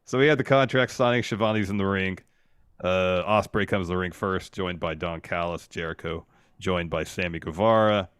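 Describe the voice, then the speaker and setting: A man's voice: deep voice, normal speed, clear, resonant tone, dry recording. A man co-hosting a podcast, recapping a wrestling show in casual chat. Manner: relaxed, recapping and reading out promos. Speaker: podcast co-host.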